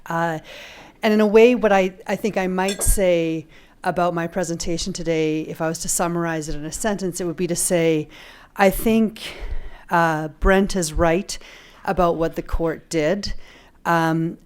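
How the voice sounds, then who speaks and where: A middle-aged woman speaking on a legal ethics panel as a law professor, measured and analytical with touches of dry humor. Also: fairly low pitch, fairly even intonation, darkish tone, clear, resonant tone. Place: lecture room at a panel event.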